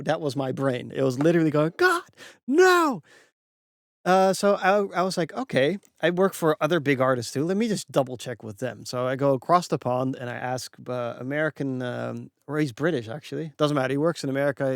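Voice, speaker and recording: A man who works as a mixing engineer, explaining a music production point in an animated, casual tutorial that swears freely and acts out the people he quotes. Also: fairly high pitch, dry recording, studio quality.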